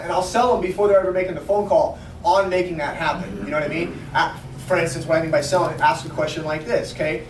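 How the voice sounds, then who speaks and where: A man giving an energetic sales training talk to a small group, checking in often with his listeners. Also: a little high. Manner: energetic, fast, coaching with repeated check-ins. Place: restaurant meeting room. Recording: roomy, distant, faint noise.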